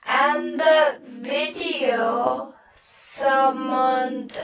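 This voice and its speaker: Slowed-down, echoey woman vlogger. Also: high-pitched, fairly even intonation, far from the mic, crowd noise. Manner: wry, talks out of one side of the mouth. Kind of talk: casual vlog commentary.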